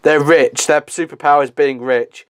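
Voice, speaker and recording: A man's voice: fairly high pitch, steady tone, moderate pace, clear, resonant tone, no echo, clean studio sound. A man giving casual movie commentary, laughing often and swearing freely. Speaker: film commentator.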